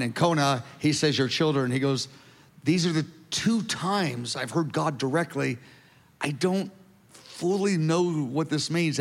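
Man moderating a panel in a reverberant hall. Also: on the high side. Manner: conversational, prompting the guests. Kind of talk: casual panel discussion.

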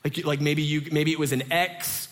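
A man in his thirties preaching a casual sermon, telling stories in an animated way with many fillers. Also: on the high side, moderate pace. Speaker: pastor.

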